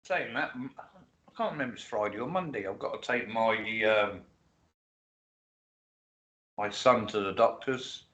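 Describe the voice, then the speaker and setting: A man's voice: medium pitch, a little slow, long pauses, fairly bright tone, lo-fi sound. A man in his sixties co-hosting a casual livestream chat, talking bluntly and swearing offhandedly. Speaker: co-host. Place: home, streaming.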